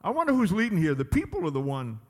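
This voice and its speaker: A man's voice: sits high, huge pitch swings, fast, a little mellow, in a large hall. A man preaching a sermon as pastor, emphatic and drawing out his words. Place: church sanctuary.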